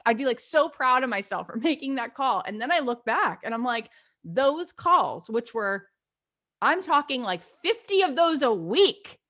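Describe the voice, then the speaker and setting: A woman hosts a podcast in an animated storytelling voice, pitched a bit high. She acts out her old phone calls as she coaches her listeners. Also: moderate pace. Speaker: podcast host. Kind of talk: conversational coaching talk.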